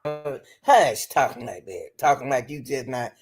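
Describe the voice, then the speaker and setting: Animated woman host reacting to a trial. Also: rumbling low, a little slow, soft background music. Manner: emphatic, incredulous, breaks into laughter. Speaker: livestream commentary host. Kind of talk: casual reaction commentary. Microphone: livestream computer mic.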